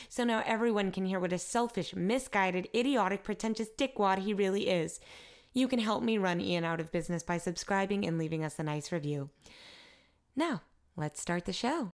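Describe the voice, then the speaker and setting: A woman's voice: medium pitch, a little fast. A woman reading a scripted comedic promo as a former patient, scornful and insulting. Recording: loud music behind her.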